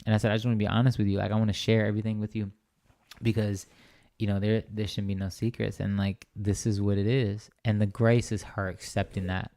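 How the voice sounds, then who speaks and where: A man's voice: on the low side, level tone, brisk, creaky, warm tone, dry recording, studio quality. A young man telling a personal faith story as an interview guest, earnest and rambling, often checking in with "right?". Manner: earnest, rambling with many restarts and "right?" tags. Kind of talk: conversational testimony.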